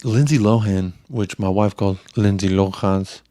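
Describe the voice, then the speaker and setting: A man's voice: lowish voice, normal speed, mellow, no echo. A young man hosting a podcast, telling stories in crude, profanity-heavy casual chat. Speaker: podcast host.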